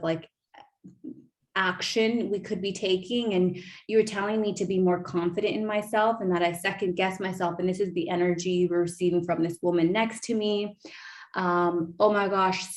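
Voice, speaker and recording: A woman in her thirties, a podcast host, telling a personal story in a gushing, animated way with many fillers. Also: on the low side. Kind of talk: emotional casual storytelling.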